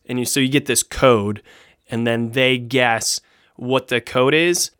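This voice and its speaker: Smooth-voiced enthusiastic podcast guy. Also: medium pitch, no room sound, studio quality. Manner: enthusiastic, animated storyteller. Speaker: podcast co-host. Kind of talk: casual chat.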